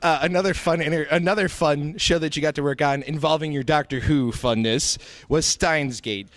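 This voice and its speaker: A man's voice: fairly high pitch, moderate pace. A man interviewing a guest at a convention, friendly and a little hesitant.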